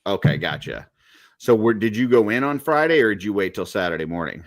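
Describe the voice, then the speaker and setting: A man's voice: on the low side, very animated, a little fast, no room sound, studio quality. A man hosting a casual podcast chat over a video call, rambling through his questions and teasing his guests. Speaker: podcast host.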